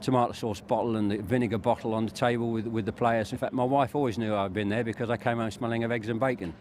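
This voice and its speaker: A man's voice: mid-range voice, fairly even intonation, quick pace, darkish tone, slight background noise. An older former footballer wryly recalling his club days in an interview. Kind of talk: reminiscing interview. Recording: documentary music under voice.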